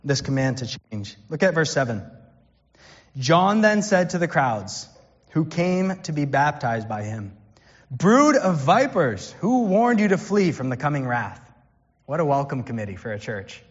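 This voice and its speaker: A man's voice: mid-range voice, sing-song, moderate pace. A man, preaching a conversational sermon and quoting scripture. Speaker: pastor. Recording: dull sound with long hall reverb.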